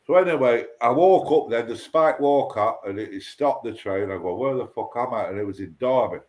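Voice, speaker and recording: A man chatting on a livestream panel. He talks in a blunt, profane, rambling way, telling stories at a middling pitch. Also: brisk. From Lancashire. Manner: loud, profane ranting and storytelling. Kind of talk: casual chat.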